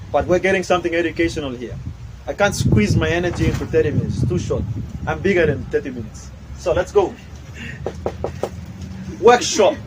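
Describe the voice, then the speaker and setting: A man's voice: high voice, slight background noise, low-quality recording. A man from Papua New Guinea running a workshop, talking in an emphatic, preachy way. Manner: preachy, emphatic, switches into local language. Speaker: workshop trainer. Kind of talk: animated workshop talk. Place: training room.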